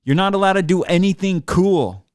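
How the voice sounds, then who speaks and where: A man's voice: high-pitched, normal speed, darkish tone, smooth, dry recording. A man, a drummer, ranting to his viewers in a profane, sarcastic streamed monologue from a small studio room. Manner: heated, mocking, swears a lot. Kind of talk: profane sarcastic rant to camera. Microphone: computer mic while seated.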